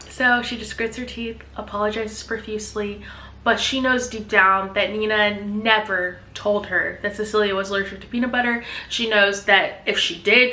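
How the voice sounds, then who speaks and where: A young woman recapping a novel in a chatty, animated way, with playful asides. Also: medium pitch. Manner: chatty and animated, slips into playful character voices. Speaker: book vlogger. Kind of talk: casual book recap. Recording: roomy echo.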